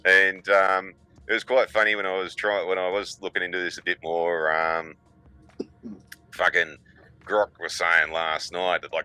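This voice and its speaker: A man's voice: sits low, moderate pace, pushed and bright, clear, resonant tone, dry recording, poor audio. Profane man telling stories. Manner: crude, profane storytelling with mocking put-on voices. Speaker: podcast co-host. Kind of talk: casual chat.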